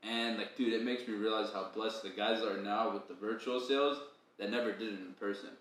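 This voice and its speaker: A man's voice: fairly low pitch, fairly even intonation, brisk, a bit bright. A young man, telling stories in casual chat with lots of slang and laughter. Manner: slangy, laughs often, says "bro" a lot. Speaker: podcast co-host. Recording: very echoey room, faint ambient noise.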